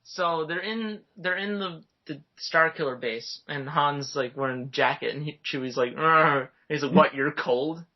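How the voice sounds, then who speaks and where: Excitable young man on a lo-fi recording. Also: on the high side, moderate pace, few pauses. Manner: excitable, acts out movie lines. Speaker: movie reviewer. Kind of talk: casual chat. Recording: dull lo-fi recording.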